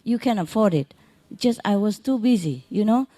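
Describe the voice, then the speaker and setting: A spiritual teacher gives an informal talk to an audience in a medium-pitched, lively voice at normal speed. She speaks gently and unhurriedly in simple, non-native phrasing, often chuckling and repeating phrases to reassure listeners.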